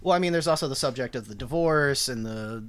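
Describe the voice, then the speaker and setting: A young man co-hosting a podcast, chatting casually about movies, excitable, laughing and swearing. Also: medium pitch, fairly quick. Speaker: podcast co-host.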